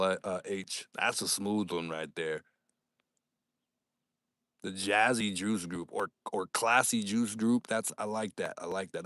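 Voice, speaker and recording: A young man hosting a casual livestream, upbeat and animated as he reads viewer comments and thanks his audience. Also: on the low side, dry recording, studio quality. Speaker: livestream host.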